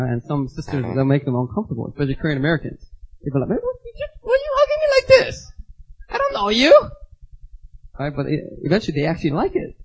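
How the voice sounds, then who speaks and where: A man's voice: medium pitch, darkish tone, husky, lo-fi sound. A young man giving a sermon as a guest speaker, telling personal stories casually and acting out the voices in them. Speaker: guest preacher. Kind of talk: storytelling sermon.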